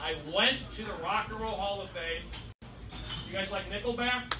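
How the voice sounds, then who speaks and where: A man doing a live stand-up set, riffing with the crowd and swinging between loud and soft. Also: sits high, moderate pace. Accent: Californian. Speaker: stand-up comedian. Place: comedy club stage. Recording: roomy, distant live club recording. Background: loud crowd laughter and noise.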